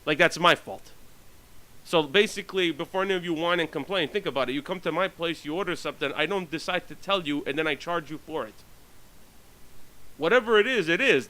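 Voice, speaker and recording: A man's voice: high voice, sharp tone, rough recording. A man telling rambling stories in a blunt, profane monologue, full of fillers and restarts. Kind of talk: ranting storytelling monologue.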